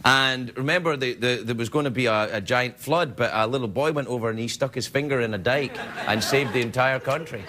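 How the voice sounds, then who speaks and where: A man hosting a late-night talk show, rambling through viewer emails with a jokey, playful manner. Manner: playful, rambling, jokey, quick pitch jumps. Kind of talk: comic monologue reading viewer emails. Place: TV studio with live audience. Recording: broadcast with loud audience laughter and noise.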